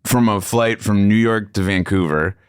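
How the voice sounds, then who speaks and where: A man's voice: on the low side, moderate pace, smooth. A man hosting a podcast, telling casual anecdotes in a rambling, self-interrupting way. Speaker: podcast host. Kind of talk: casual chat.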